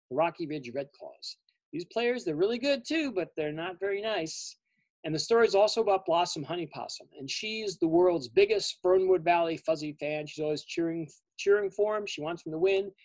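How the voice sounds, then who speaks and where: A man, a children's author, telling his story to families at a library, lively and explaining terms simply. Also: high voice, moderate pace, no echo. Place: library event.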